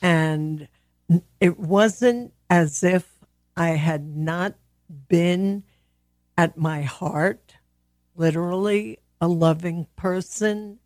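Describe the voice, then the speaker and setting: A woman speaking slowly and gently on a podcast, sharing a simple self-love practice with long pauses. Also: on the low side, no echo, clean studio sound. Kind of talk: reflective spiritual podcast talk.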